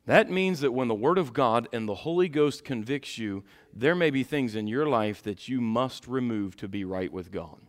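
A man preaching a sermon as pastor, folksy and direct with the congregation, moving from quiet asides to loud shouted passages. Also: medium pitch, expressive, normal speed, hardly any pauses.

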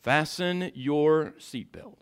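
Preacher guy, high voice, goes from quiet asides to shouting, talks right to the folks in the pews. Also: slow, smooth. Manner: swings from soft asides to loud shouted preaching; folksy, addresses the congregation directly. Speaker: pastor. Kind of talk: sermon.

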